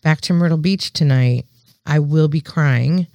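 A woman's voice: low-pitched, a little slow, warm tone, dry recording. A woman co-hosting a podcast in casual chat, earnest and often restarting her sentences. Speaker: podcast co-host.

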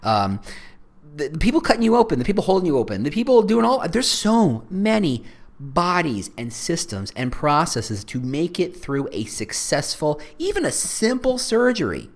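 A man's voice: a little high, sing-song, normal speed. A man hosting a solo podcast, talking in a joking, rambling, self-deprecating way. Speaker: podcast host.

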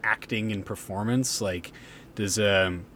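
Halting podcast co-host asking questions. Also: deep voice, steady tone, a bit bright, slight background noise. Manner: halting, restarts questions, mostly short affirmations. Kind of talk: casual podcast chat.

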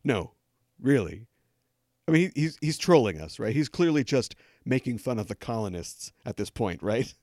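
A man's voice: mid-range voice, very animated, moderate pace, a little mellow, dry recording. A man hosting a podcast, delivering scripted news commentary with sarcastic, joking asides into a close studio mic. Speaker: podcast host.

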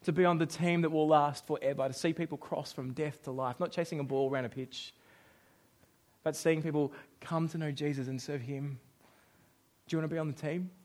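A man's voice: a little high, fairly quick. A young Australian man preaching a sermon as pastor, joking and acting out quoted voices. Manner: jokey, animated, acts out quoted voices.

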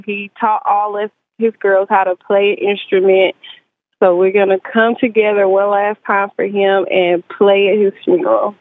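A young woman calling in to a radio show, speaking softly and holding back tears. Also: mid-range voice, level tone, normal speed. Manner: fighting back tears, soft. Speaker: caller. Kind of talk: phone call to radio show. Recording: tinny phone line.

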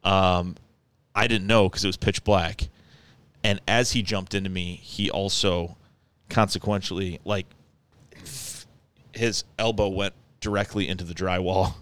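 A man with a lowish, smooth, resonant voice tells a story in casual conversation. He rambles and restarts, grows animated as the story builds, and laughs along the way. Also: measured pace. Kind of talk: casual chat, telling a story.

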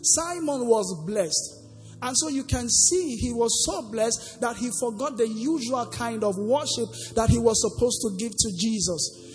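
A woman's voice: fairly high pitch, measured pace, darkish tone. A woman preacher delivering a sermon, asking the congregation questions for them to answer and lilting some phrases in a sing-song way. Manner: call-and-response questions to the congregation. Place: church hall. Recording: long hall reverb with faint music.

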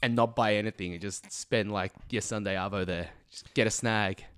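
A man's voice: fairly low pitch, steady tone, moderate pace, a bit bright, clean tone, no echo. An Australian man co-hosting a podcast in a studio, bantering with jokes and swearing. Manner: joking, profane banter. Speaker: podcast co-host. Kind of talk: casual chat.

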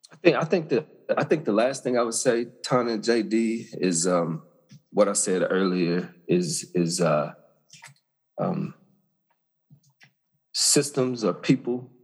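A man's voice: lowish voice, animated, unhurried, long pauses, husky. Earnest male judge, repetitive delivery. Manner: earnest, repeats words while building a point. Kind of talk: podcast interview guest.

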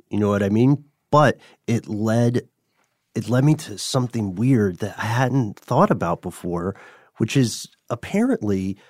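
Podcast host guy, kinda low voice, dry mic, laid back explaining stuff. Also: no echo. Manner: measured, explanatory, laughs often. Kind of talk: casual podcast chat.

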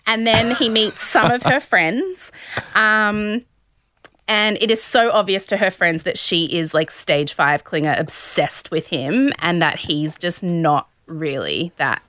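A woman's voice: on the low side, slow, bright, forceful tone, dry recording. Sarcastic woman telling a story. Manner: sarcastic storytelling, acting out quotes. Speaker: podcast host. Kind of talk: casual chat recapping a reality show.

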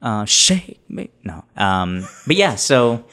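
A man's voice: lowish voice, takes it slowly. A man in casual chat among tabletop game friends, telling jokey stories and imitating people. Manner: jokey, animated storyteller who imitates people.

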